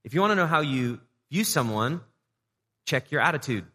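A man's voice: medium pitch, expressive, normal speed, bright, forceful tone, in a large hall. A man preaching a sermon as a pastor, talking conversationally, asking the audience rhetorical questions and repeating words as he restarts.

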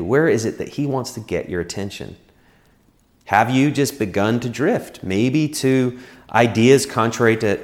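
Earnest man preaching a sermon. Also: mid-range voice. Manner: earnest, encouraging, repeats words as he speaks. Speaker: pastor. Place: church.

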